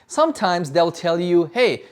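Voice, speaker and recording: A man's voice: fairly high pitch, expressive, normal speed. A man giving a sales lesson, talking emphatically and ending many sentences with "okay?" and "right?", often restarting words. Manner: repeats and restarts words while explaining. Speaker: sales coach. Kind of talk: instructional talk to camera.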